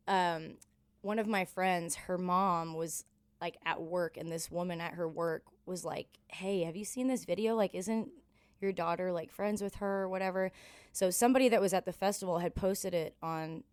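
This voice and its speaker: This thirtysomething Canadian country singer, a guest on a podcast, recounts life on the road frankly and with plenty of profanity, getting animated as she performs the voices. She speaks at normal speed in a smooth, lowish voice, with no room sound.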